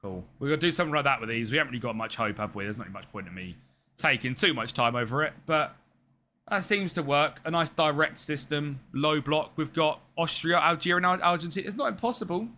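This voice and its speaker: A man's voice: fairly high pitch, lively intonation, fairly quick, bright, forceful tone, a little hiss or hum. A young man chatting casually on a live stream, rambling and answering viewers by name as he plays. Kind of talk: casual live-stream chat while gaming.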